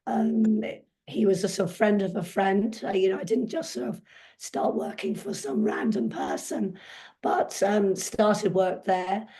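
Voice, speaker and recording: Croaky woman telling stories. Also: mid-range voice, a little slow, warm tone. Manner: candid, anecdotal storytelling. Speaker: podcast guest. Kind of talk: casual interview.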